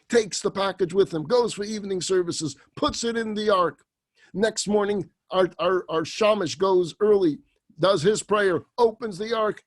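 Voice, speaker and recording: A rabbi telling a story in a sermon, animated and dramatic. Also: male voice, high voice, moderate pace.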